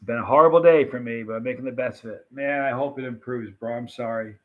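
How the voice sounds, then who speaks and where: A man's voice: mid-range voice, fast, phone-quality sound. Chatty man hosting a live stream. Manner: chatty, rambling, animated retelling of movie scenes. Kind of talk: casual live-stream chat reading viewer comments.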